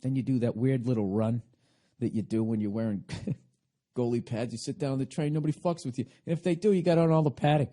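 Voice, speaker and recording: Husky-voiced man ranting profanely. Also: mid-range voice, fairly quick, dark tone. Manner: profane, rambling, sarcastic. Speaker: podcast host. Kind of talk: casual comedic monologue.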